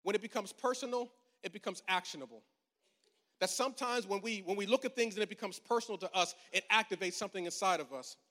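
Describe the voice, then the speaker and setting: High-voiced preacher in his forties, echoing hall. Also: fast, pushed and bright. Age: 40s. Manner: conversational and humorous, building to emphatic preaching. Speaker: pastor. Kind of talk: storytelling sermon. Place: large church auditorium. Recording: long hall reverb.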